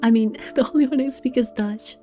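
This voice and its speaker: Brief: woman streamer, casual giggly commentary, mellow, slightly high voice, faint music under. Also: a little fast. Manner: giggly, self-mocking asides. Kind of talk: casual commentary while playing. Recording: faint game music behind.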